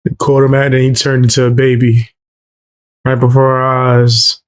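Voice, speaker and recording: A man's voice: mid-range voice, flat delivery, moderate pace, clear, resonant tone. Laid-back male co-host chiming in. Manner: laid-back, agreeing, laughing along. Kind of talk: casual chat.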